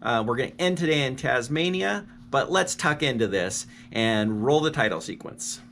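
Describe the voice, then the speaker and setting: A man's voice: mid-range voice, animated, normal speed, creaky, a bit bright. A man in his fifties from the United States, talking in a chatty, joking way as a travel vlogger. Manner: chatty and jokey. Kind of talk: casual travel vlog talk.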